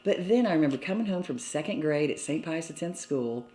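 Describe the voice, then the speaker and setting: An older woman from Mobile, Alabama, reminisces casually in an interview, chatty and laughing often between phrases. Her voice is deep, expressive, mellow and fairly quick. She's indoors in a cottage, and the recording has a roomy echo.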